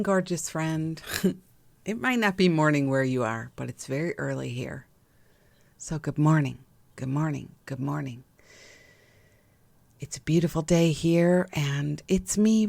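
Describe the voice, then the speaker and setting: A woman hosting a gentle spiritual podcast, talking in a slow, soothing and affectionate way with soft laughs. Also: low voice, gravelly, dry recording. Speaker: podcast host and intuitive healer. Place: home room with window open.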